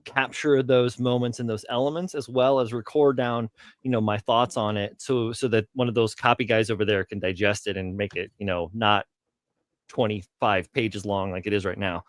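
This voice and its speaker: A man's voice: fairly low pitch, fairly even intonation, moderate pace, no echo. Hesitant, candid man guest. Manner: candid, hesitant, with fillers and profanity. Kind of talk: casual chat.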